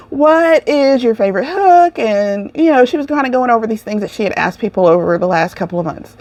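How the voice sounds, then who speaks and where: A woman's voice: high voice, dry recording. A woman with a lilt hosting a crochet podcast, ranting and laughing in casual chat.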